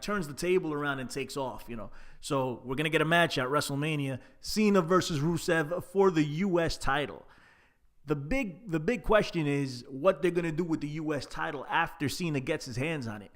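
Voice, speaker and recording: A man casually reviewing a wrestling show, chatty and laid-back with plenty of fillers. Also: on the high side. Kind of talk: casual solo recap.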